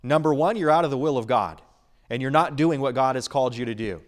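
Man, pastor, sermon, emphatic, earnest, mid-pitched. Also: fast talker. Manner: earnest, emphatic preaching with rising and falling intensity.

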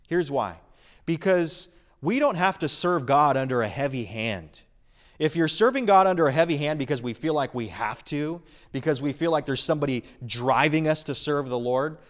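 Earnest man preaching a sermon. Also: a little high. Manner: earnest, emphatic preaching with rising and falling intensity. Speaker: pastor.

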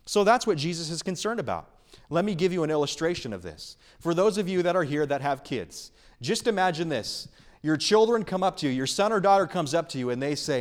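Earnest, slightly high-voiced male preacher. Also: sing-song, fairly quick. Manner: earnest, emphatic preaching that swings between loud and hushed. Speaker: pastor. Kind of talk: sermon.

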